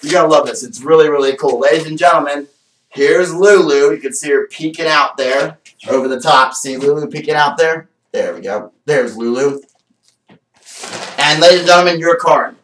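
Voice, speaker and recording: A man's voice: a little high, brisk, a bit bright, distant mic, a little hiss or hum. A man doing magic on camera, presenting a card trick with showman patter and then chatting about it in an enthusiastic, rambling way. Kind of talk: performing a card trick then casual vlog chat. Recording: echoey room, voice from away from the mic.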